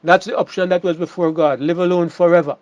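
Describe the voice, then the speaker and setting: A man's voice: sits high, steady tone, fast, a little mellow, dry recording, lo-fi sound. A man preaching a sermon, emphatic, often repeating words and restarting phrases.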